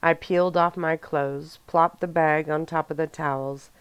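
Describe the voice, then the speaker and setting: Soft-spoken asmr reading, woman, low voice, slow and smooth. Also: dry recording, muffled recording. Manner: calm, even first-person storytelling. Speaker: audiobook narrator.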